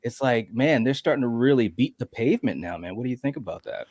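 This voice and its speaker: A man's voice: mid-range voice, expressive, quick pace, a little mellow, dry recording. A man hosting a casual horror podcast, laid-back and chatty, with many fillers and friendly asides. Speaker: podcast host.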